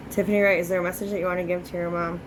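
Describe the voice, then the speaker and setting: A woman with a somewhat low voice works through a psychic reading. She talks in a loose, chatty way, leaning on filler words and swearing freely. A faint background hum runs under her. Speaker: psychic medium. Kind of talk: spirit reading session.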